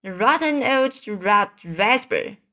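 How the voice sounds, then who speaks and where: Woman doing a big kind giant guy, slow, sad, talks funny. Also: mid-range voice, lively intonation. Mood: indignant. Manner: odd broken grammar, gentle and sorrowful. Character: kindly big male giant, soft-hearted.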